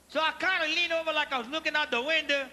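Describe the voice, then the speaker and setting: Speaking at an extremely high pitch with a sharp tone, a stand-up comedian with a Cajun accent spins folksy, chatty stories live and teases the theater crowd. Audience laughter rings through long hall reverb and faint noise.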